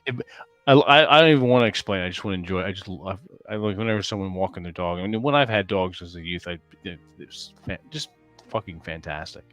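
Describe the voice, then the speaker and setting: Male livestream host, low pitch, relaxed profane banter. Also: fast talker, no room sound, soft background music. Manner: loose, swearing, laughing often. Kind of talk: casual chat.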